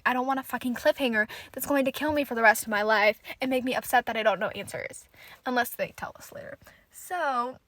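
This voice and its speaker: A young woman with a slightly high voice rambles through a casual solo podcast episode, venting her frustration and swearing freely. The sound is dry and close, with no room around her. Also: fast, bright, forceful tone, no room sound, rough recording. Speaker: podcast host.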